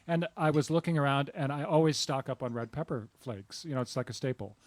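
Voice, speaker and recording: A man co-hosting a live outdoor show from a theater patio, telling meandering anecdotes in a relaxed chat. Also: medium pitch, a little fast, no room sound. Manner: chatty storyteller with meandering anecdotes. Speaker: co-host. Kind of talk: casual chat.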